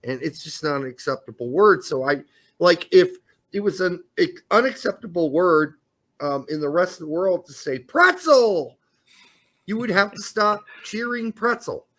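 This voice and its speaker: Lively joking man hosting sports talk. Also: high-pitched, moderate pace. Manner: lively, joking, animated delivery. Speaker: podcast co-host.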